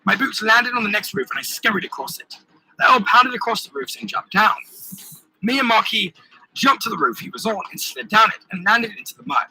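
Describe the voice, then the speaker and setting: A man's voice: high-pitched, a little fast, bright, forceful tone, slightly rough, low-quality recording. A man narrating his own pirate adventure audiobook in the first person, telling the action vividly. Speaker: author reading his own novel.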